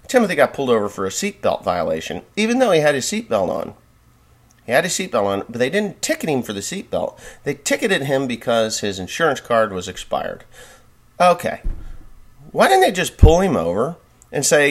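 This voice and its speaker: A man's voice: mid-range voice, sing-song, brisk. A man from New Jersey hosting a farm podcast, telling a rambling story in a casual monologue.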